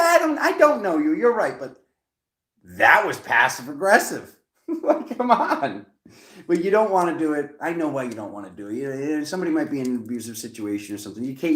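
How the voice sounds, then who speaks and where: A man giving a casual, chatty tarot reading to camera. He rambles playfully, with jokey asides and laughter. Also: a little high. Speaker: tarot reader. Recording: echoey room.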